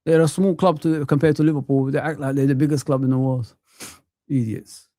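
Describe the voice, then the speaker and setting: A man's voice: medium pitch, fairly even intonation, fairly quick, mellow, no echo, clean studio sound. Impassioned ranting football streamer, man. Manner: impassioned ranting, sweary, frequent "man" tags. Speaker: football watch-along streamer. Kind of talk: live-stream football rant.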